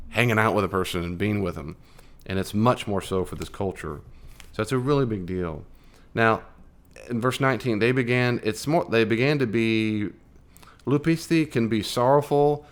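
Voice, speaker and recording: An American man leading a classroom Bible study lesson, chatting casually, quizzing his listeners and acting out the lines he quotes. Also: mid-range voice. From United States. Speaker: Bible teacher.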